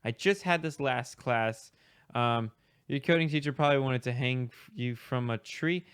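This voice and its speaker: Young male streamer, improvised comic rambling, lots of restarts, smooth clear voice. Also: medium pitch, normal speed, a bit bright, dry recording. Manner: rambling, hesitant, many restarts.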